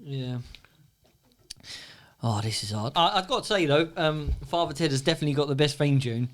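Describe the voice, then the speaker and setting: Man, casual podcast host, slightly high voice, laughs while he retells scenes. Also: animated, normal speed. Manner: laughing storyteller, retells scenes with acted quotes.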